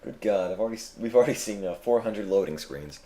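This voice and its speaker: Low-voiced man rambling over gameplay. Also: lively intonation, quick pace, warm tone, a little hiss or hum. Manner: dry, self-mocking rambling jokes. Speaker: marathon stream player. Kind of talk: let's play commentary.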